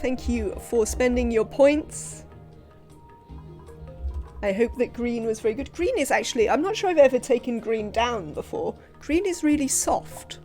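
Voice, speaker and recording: A woman chatting casually while livestreaming a video game, rambling and filling pauses with "um" and "uh". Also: sits high, a little mellow. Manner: rambling, chatty, frequent fillers. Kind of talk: casual live gameplay commentary.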